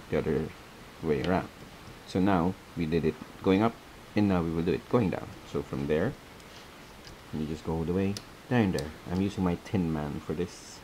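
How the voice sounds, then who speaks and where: A man's voice: low voice, dark tone, a little hiss or hum, poor audio. A man hosting a casual step-by-step craft tutorial, chatty and laughing often as he repeats his instructions.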